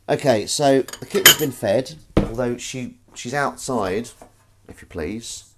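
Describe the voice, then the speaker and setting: A man hosting a casual live stream, rambling and self-mocking with sudden shouts while he does the washing up at home. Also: medium pitch, takes it slowly, noisy background. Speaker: streamer host. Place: home kitchen, doing the washing up. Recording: clattering dishes and running water.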